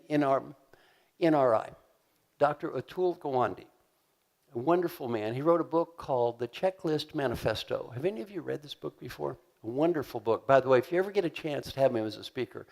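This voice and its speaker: An older American man delivers a motivational keynote in a large conference hall, asking the crowd questions and acting out voices with animated energy. His voice is mid-range and creaky.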